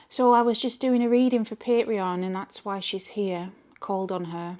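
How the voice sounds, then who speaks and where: A chatty woman with a broad Geordie accent talks to her camera as a tarot reader. She rambles freely and speaks her mind plainly. Her pitch sits in an ordinary middle range for a woman. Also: flat delivery, moderate pace, hardly any pauses, darkish tone. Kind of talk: casual chat to camera.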